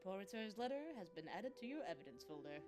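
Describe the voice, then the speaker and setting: A woman's voice: mid-range voice, big pitch swings, fast, music in the background. An American woman reading a game aloud and joking through let's play commentary. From United States. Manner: joking and playful. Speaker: let's player.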